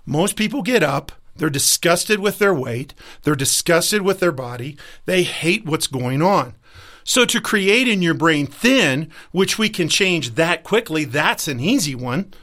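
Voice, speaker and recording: A man with a fairly high speaking voice delivers a motivational talk as a life coach. He speaks emphatically and slips into the voices of the people he quotes. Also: sing-song, a little slow, fairly bright tone.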